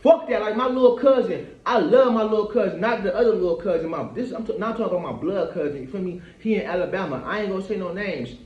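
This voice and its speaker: High-voiced man venting in an echoey room. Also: fast, few pauses, muffled recording. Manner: rambling, profane, keeps asking "you feel me". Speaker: vlogger. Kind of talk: casual venting monologue.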